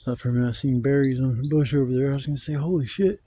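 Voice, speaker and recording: Racing through his words in a dark, mid-range voice with little pitch movement, a man camps in the woods and collects wood on a casual vlog. His talk is profane, rambling and Southern-style, recorded via a camera mic on a handheld gimbal.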